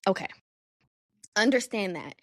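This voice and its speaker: A young adult woman hosting a solo podcast, telling a personal story in a candid, animated, profane way. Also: medium pitch, unhurried, no echo. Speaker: podcast host.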